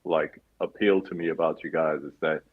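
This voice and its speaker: Husky low-voiced New man hosting. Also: fairly even intonation, brisk, phone-quality sound. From New York. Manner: chatty, laughs often. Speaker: podcast host. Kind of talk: casual video-call interview.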